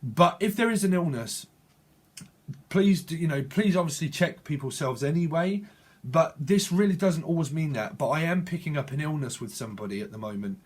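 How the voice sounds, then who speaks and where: Guy doing a tarot reading, kinda high voice, rambles and repeats himself a lot. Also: expressive, moderate pace, breathy edge. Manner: rambling, repetitive, self-correcting. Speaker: tarot reader. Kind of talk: channeled tarot reading monologue.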